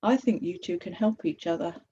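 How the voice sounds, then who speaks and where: Hope, a woman voicing a gentle female stranger. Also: fairly low pitch, moderate pace, slightly rough, dull audio. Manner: gentle, probing.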